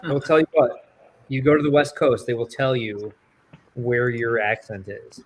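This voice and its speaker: Animated man with a Chicago accent. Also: mid-range voice, moderate pace, a little hiss or hum. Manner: animated storytelling, laughs often. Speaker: co-host. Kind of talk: casual chat.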